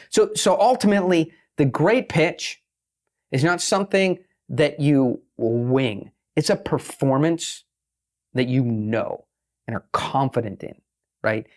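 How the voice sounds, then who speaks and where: Brash, fast-talking man guest. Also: mid-range voice. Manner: brash, profane, fast bursts with emphatic slowdowns. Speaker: guest, pitching expert. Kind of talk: podcast interview talk.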